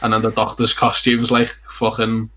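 A young man with a bright, forward voice talks casually on a podcast. He rambles through his thoughts, swearing and padding every sentence with likes and ums. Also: on the low side, completely flat delivery, moderate pace. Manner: rambling, sweary and full of fillers. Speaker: podcast co-host. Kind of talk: casual chat.

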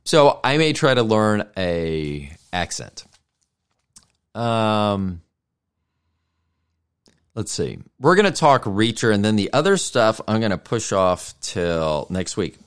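A middle-aged man hosting a casual solo podcast, rambling and self-deprecating as he thinks out loud. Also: lowish voice, sing-song, slow, long pauses, clear, resonant tone. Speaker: podcast host.

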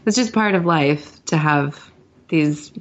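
A woman's voice: low voice, slow, lo-fi sound. A woman co-hosting a casual podcast chat, wry and joking. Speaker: podcast co-host.

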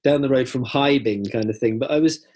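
Husky man, podcast co-host, rambling and hedging in casual talk. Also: medium pitch, fast talker, warm tone. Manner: rambling, hedging, lots of "kind of" and "I mean". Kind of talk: casual chat.

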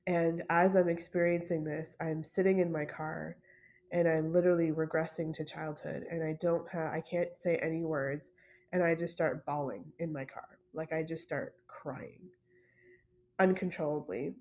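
A woman with a low, fairly monotone voice tells a personal story on her podcast. She speaks softly and hesitantly, pausing on fillers and restarting her sentences. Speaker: podcast host.

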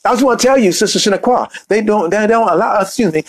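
A man's voice: high-pitched, fast talker, hardly any pauses. A man hosting a motivational podcast, talking casually and joking as he tells stories. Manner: joking, animated storytelling with playful asides. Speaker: podcast host and speaker coach.

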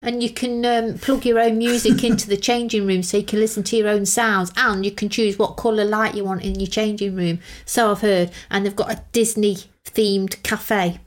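A woman's voice: mid-range voice, level tone, normal speed, few pauses. A woman co-hosting a podcast in casual chat, playful and giggly in her interjections. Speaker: podcast co-host.

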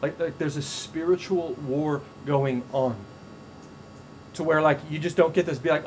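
A man preaches in a relaxed, conversational sermon, his voice sitting a little higher than most men's. He tells stories with animation, often doubling back and restarting his phrases, and a faint low rumble sits underneath. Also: a little slow, low-quality recording. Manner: casual, animated storytelling with frequent restarts. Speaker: pastor.

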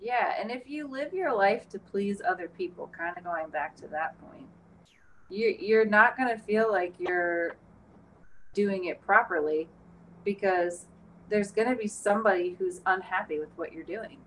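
A woman's voice: mid-range voice, animated, unhurried, fairly bright tone. A woman therapist co-hosting a podcast, talking frankly and bluntly in casual chat, swearing now and then. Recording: distant mic with faint background noise.

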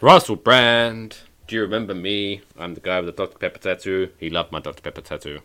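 Deep-voiced, bright British man. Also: fast talker, slight background noise. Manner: wry, joking, swears casually. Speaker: podcast co-host. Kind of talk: casual chat.

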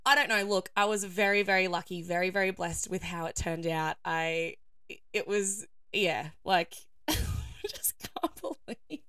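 Croaky-voiced woman chatting. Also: on the low side, steady tone, moderate pace, bright, forceful tone, no echo, clean studio sound. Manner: chatty, laughs often, many "like" fillers. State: hoarse, croaky voice. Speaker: podcast host. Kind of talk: casual solo podcast chat.

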